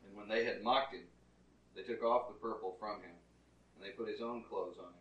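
A man in the congregation reading scripture aloud in a plain, steady way. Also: lowish voice, a little fast, highs cut off. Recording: roomy, distant from the mic.

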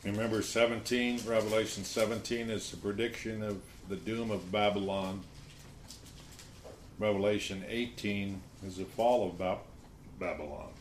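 Male Bible teacher, low-pitched, conversational, scripture reading; roomy, faintly noisy recording. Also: steady tone, moderate pace. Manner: conversational, reads scripture aloud. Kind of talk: informal Bible study teaching. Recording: roomy echo, faint hiss.

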